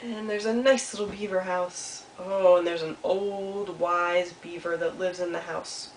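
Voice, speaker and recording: A woman reading a children's story aloud in a lively way, talking directly to young listeners. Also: on the low side, measured pace, slight background noise. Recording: echoey room, mic far off, faint ambience.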